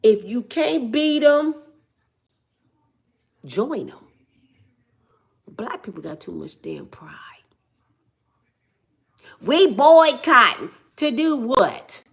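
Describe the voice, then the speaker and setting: Middle-aged woman from Michigan, blunt comic storyteller, lively swooping delivery. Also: sits high, drawn-out words, vocal fry, long pauses. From Michigan, USA. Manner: blunt, joking, acts out quoted voices. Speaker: business owner telling stories. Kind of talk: casual storytelling monologue.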